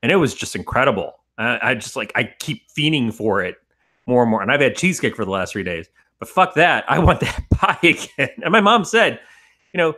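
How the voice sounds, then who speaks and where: Man, podcast co-host, bright forceful tone, rambling, profane, casual banter. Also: mid-range voice, sing-song, fairly quick. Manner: rambling, profane, laughs often.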